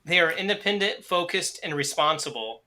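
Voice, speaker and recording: A woman's voice: fairly low pitch, expressive, brisk, sharp tone. A woman co-hosting a podcast in casual chat, rambling with lots of fillers and swearing freely. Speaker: podcast co-host.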